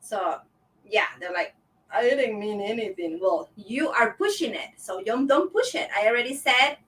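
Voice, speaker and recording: A woman's voice: fairly high pitch, sing-song, moderate pace, a bit bright, recorded from a distance. A woman with a Latin American Spanish accent, a native Spanish speaker, telling stories frankly in casual conversation. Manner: frank, storytelling.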